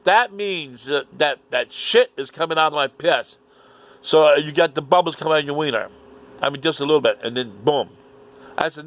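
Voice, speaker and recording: A man telling a story in an animated, indignant rant, swearing often. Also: mid-range voice, normal speed, vocal fry, slight background noise. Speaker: vlogger. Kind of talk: casual ranting monologue.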